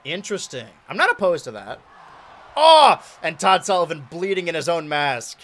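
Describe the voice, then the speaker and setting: Young male streamer, lively bright voice, hypes and shouts over a wrestling game, then mutters low. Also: brisk. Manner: animated, shouts and pleads at big moments, mutters while counting. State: out of breath. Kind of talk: excitable play-by-play commentary.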